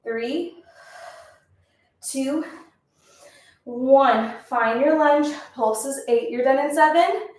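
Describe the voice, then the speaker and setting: Slow-cueing woman in an echoey room. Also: high-pitched, a little mellow. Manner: encouraging counting cues. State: out of breath. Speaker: pilates instructor. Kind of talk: workout instruction. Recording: echoey room, mic at a distance.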